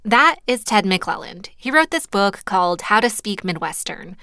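A woman reporter delivering scripted radio narration in a crisp, conversational storytelling way. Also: mid-range voice, sing-song, moderate pace, sharp tone, dry recording, clean studio sound. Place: studio booth.

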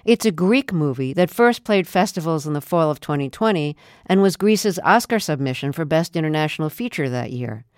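A woman radio host asking interview questions and reading scripted introductions in a measured, composed way at a studio microphone. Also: low-pitched, animated, darkish tone, no echo.

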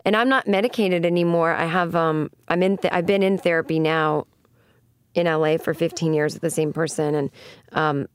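A woman comedian from Boston, telling stories in an interview with lively comic timing and acted-out quotes. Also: moderate pace, slight background noise. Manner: animated, comic, acts out quotes in high voices. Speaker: comedian guest. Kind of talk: storytelling interview.

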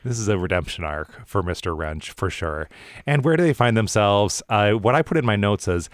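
A man co-hosting a podcast, giving relaxed, wry commentary on a TV episode. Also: fairly low pitch, moderate pace, dry recording, studio quality. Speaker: podcast co-host. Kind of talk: casual TV recap chat.

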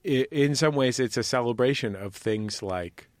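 A man's voice: medium pitch, normal speed, dry recording. A man in casual chat, musing in a reflective way.

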